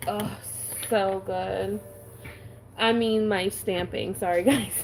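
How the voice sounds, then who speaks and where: A woman's voice: mid-range voice, steady tone, takes it slowly, vocal fry, a little mellow, slight background noise, low-quality recording. A woman vlogger chatting casually while she stamps her planner, giggly and talking with a valley-girl lilt.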